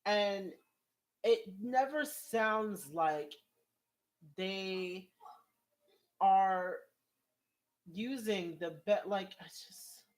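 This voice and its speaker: Very slow and full of pauses, this man's voice sits high. In his casual vlog he reads viewer comments and rambles in an exasperated way, laughing frequently, with his voice rising when he gets worked up.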